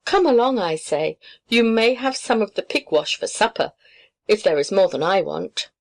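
A woman's voice: mid-range voice, lively intonation, moderate pace, gravelly. A coarse, greedy pig from a storybook, blunt and pushy, his voice leaping upward when he insists, as a woman narrator puts him on. He talks like he owns the barnyard.

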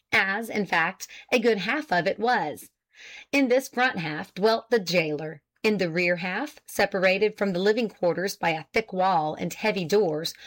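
Woman reading an old novel out loud, steady and measured, mid pitch. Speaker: audiobook narrator. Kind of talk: scripted narration of an old novel.

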